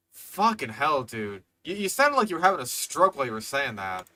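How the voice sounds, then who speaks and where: A man's voice: mid-range voice, very animated, fairly quick, few pauses, pushed and bright. A man hosting a reaction video, exasperated and swearing, rambling with fillers as he comments.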